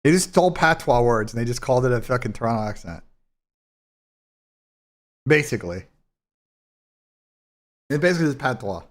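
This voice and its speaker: A man's voice: medium pitch, lively intonation, normal speed, long pauses. A man hosting a live esports watch party in casual, blunt, profane talk that rambles and restarts. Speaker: esports streamer and commentator.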